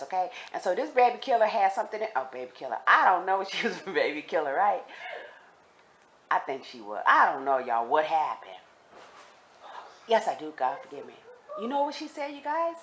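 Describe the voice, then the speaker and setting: A woman telling viewers a personal story in a casual, animated way, speaking straight to them and repeating herself for emphasis. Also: medium pitch, moderate pace.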